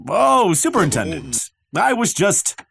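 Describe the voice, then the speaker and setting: A man's voice: high-pitched, wildly swooping pitch, measured pace, creaky, noisy background, voice pushed up, exaggerated voice. Flustered cartoon school principal, nervous and overly polite, voice swooping all over, played by a male streamer.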